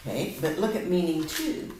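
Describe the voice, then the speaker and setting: A woman tutoring a child one-on-one in a reading lesson, patient and coaxing, slowing down to model words. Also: lowish voice, big pitch swings, a little mellow. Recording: echoey room, mic at a distance.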